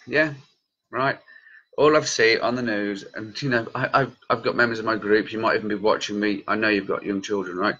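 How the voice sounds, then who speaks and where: A man in his late thirties speaks with a lowish but bright, forceful voice, heated and passionate as he addresses his viewers directly. The sound is dull and lo-fi, like a home recording. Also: steady tone, a little fast, husky. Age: late 30s. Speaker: cannabis campaigner and group leader. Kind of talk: vlog commentary reacting to news.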